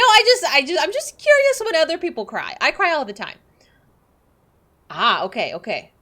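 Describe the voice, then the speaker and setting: A woman's voice: medium pitch, pushed and bright. Bubbly woman streamer greeting chat. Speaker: game streamer. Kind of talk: casual livestream chat.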